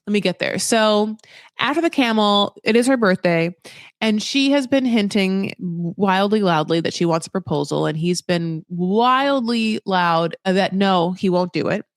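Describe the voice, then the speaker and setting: A man's voice: sits high, unhurried, no echo, studio quality. A man hosting a casual reality TV recap podcast, chatty and sarcastic, acting out the people he talks about. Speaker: podcast host.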